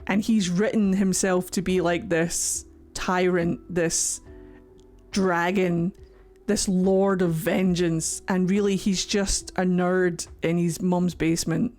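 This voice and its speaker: A young woman giving casual reaction commentary, mocking and excitable, who swings between shrieks and low grumbles and swears a lot. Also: takes it slowly, soft background music. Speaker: streamer reacting to a game.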